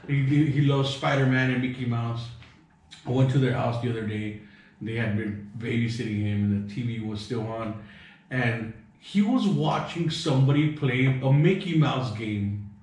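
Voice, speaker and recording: Young guy hosting a podcast, cussing and joking around, sounds kinda far off the mic in a boomy room. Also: normal speed, darkish tone, heavy reverb. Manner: swears a lot, laughs easily, loose banter. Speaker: podcast host. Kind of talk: casual chat.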